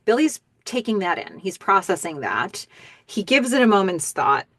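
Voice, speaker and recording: A woman podcast host giving a casual episode recap in an animated, chatty way with many ums. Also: mid-range voice, normal speed, no room sound.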